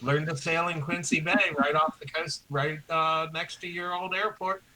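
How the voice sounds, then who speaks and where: A man's voice: fairly high pitch, steady tone, moderate pace, pushed and bright, poor audio. A man playing in a tabletop game, often stopping and restarting mid-sentence. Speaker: player. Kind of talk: tabletop role-play.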